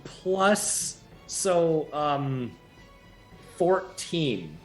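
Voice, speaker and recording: A Canadian man playing a tabletop game, his pitch swinging widely as he talks his way through a move. He rambles and restarts, with faint music running underneath. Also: very animated, extremely slow. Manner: rambling, with frequent restarts and laughs. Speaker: player. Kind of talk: casual tabletop game play.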